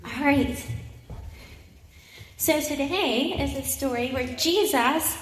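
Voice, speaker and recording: A woman's voice: high-pitched, takes it slowly, a little hiss or hum. A woman giving a children's message in church, upbeat and coaxing as she talks to young kids on a handheld mic. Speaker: children's sermon leader. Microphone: handheld microphone. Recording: echoey hall, faint room ambience.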